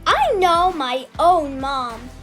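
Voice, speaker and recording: Woman voicing a squeaky pleading baby bird. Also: big pitch swings, extremely slow, fairly bright tone, faint music behind, full character voice. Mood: stubborn.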